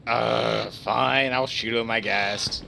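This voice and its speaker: A man's voice: medium pitch, fairly even intonation, takes it slowly, vocal fry, very noisy. A young man co-playing a game, tossing out dry, darkly jokey banter in casual chat. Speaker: co-player. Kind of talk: casual let's-play banter.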